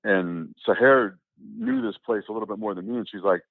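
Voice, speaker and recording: A man telling a personal story as an interview guest, animated and acting out the dialogue as he goes. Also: lowish voice, a little fast, creaky, no room sound. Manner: animated, acts out quoted dialogue, repeats words. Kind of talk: casual spoken storytelling. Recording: tinny, phone-like, dry.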